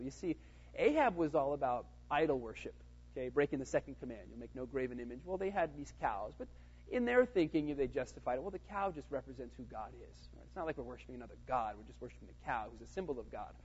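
A man teaches a casual Bible study, thinking out loud with plenty of "um"s and "right?"s aimed at his listeners. His voice is husky and a touch breathy, at a middle pitch. The sound is dull and slightly muffled. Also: very animated, fast. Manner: conversational, with many fillers and "right?" check-ins.

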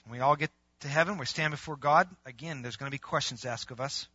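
A man's voice: mid-range voice, fast, husky, no room sound. A male pastor preaching a conversational sermon, acting out bits of dialogue. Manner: animated, conversational, acts out dialogue. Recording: muffled, dry lo-fi recording.

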